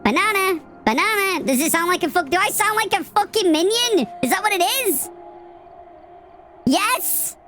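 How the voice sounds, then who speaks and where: A man talking through a pitch-shifting voice effect, making himself sound like a squeaky cartoonish little fellow, teasing and swearing. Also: lively intonation, moderate pace, over music. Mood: mock-indignant.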